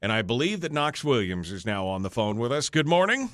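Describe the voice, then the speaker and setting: A man's voice: medium pitch, very animated, brisk, fairly bright tone, no echo, clean studio sound. A male radio talk show host chatting off the cuff with his online audience during a break, rambling and joking at his own expense, tired and yawning. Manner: rambling, self-deprecating, joking with chat. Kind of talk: off-the-cuff livestream chat.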